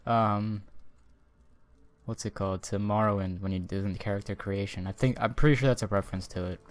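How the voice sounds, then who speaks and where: A man's voice: fairly low pitch, fairly even intonation, fairly quick. A man streaming a video game, chatting casually with rambling, self-interrupting commentary.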